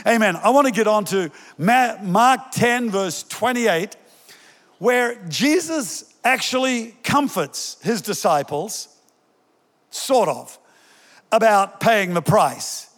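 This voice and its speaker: An older man preaching a sermon as pastor, energetic and joking with his congregation, rising in pitch when he quotes scripture. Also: slow. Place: large church hall. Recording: long reverb in a large hall.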